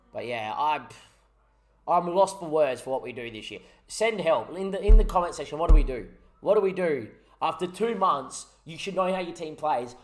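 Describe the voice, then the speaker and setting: Frustrated, swearing young man. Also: mid-range voice. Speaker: gaming YouTuber. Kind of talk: casual gameplay commentary.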